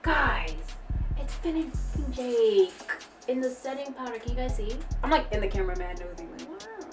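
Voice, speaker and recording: A woman's voice: fairly high pitch, fairly quick, a little mellow, far from the mic, soft background music. A woman beauty vlogger gushing and exclaiming as she unboxes makeup, swearing casually as she goes. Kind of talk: excited unboxing chat.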